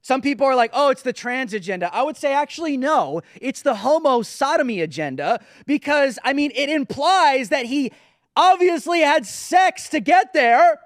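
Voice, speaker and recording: A man's voice: very high-pitched, lively intonation, moderate pace, no echo, clean studio sound. A man hosting his own show, ranting in a mocking, emphatic commentary and calling his viewers guys and dude. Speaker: show host.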